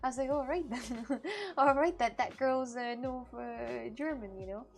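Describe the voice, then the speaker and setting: A woman's voice: fairly high pitch, moderate pace, vocal fry. A woman streamer chatting casually with her live chat, laughing often and restarting her sentences. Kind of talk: casual IRL livestream chat.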